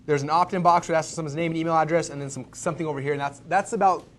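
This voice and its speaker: A man presenting a live marketing seminar, telling stories and tossing questions and asides to the audience. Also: on the high side. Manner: fast, animated storytelling with asides to the audience.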